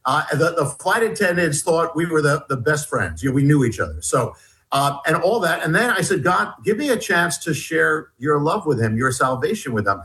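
A man telling a story in an interview as a guest author, halting and restarting often while acting out dialogue. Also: fairly high pitch, very animated, fairly bright tone, low-quality recording. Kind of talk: animated storytelling.

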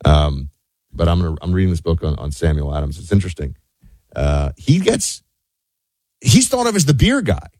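A man talks in a loose, chatty monologue, circling back and restarting his sentences. His voice sits very low. The recording is dry and close, with no room sound. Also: very animated, moderate pace, pauses often, a little mellow, dry recording. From United States. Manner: rambling, self-correcting, chatty. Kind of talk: casual monologue.

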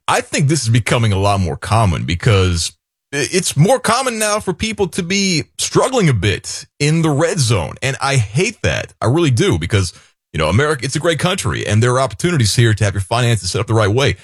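A man's voice: brisk, slightly rough, dry recording, clean studio sound. A man co-hosting a radio money show, talking in an upbeat promotional way. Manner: lively pitch swings, upbeat promotional pitch.

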